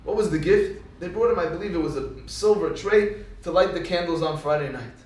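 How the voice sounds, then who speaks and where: Man, rabbi, Torah lecture, animated storyteller, far from the mic, booming room echo. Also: brisk. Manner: animated storyteller who acts out quoted speech. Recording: echoey hall, speaker far from mic.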